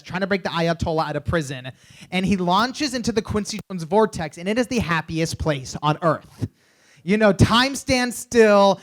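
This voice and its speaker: Young male keynote speaker, animated storyteller, slightly high voice, stage mic. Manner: animated storyteller, frequent "you know". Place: conference stage at a hotel.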